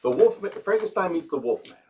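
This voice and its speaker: A man co-hosts a loose, playful chat, and his pitch swoops up and down as he talks. He sits back from the mic, so he sounds a little distant. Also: a little fast, slight background noise. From United States. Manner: animated, playful, trails off and restarts. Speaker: co-host. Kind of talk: casual chat.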